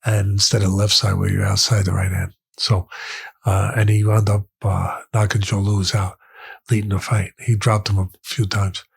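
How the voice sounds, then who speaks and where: A man's voice: on the low side, level tone, normal speed, vocal fry, husky. A middle-aged man, a boxing trainer telling stories in an interview and repeating phrases for weight. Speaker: guest, boxing trainer and commentator. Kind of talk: storytelling in conversation.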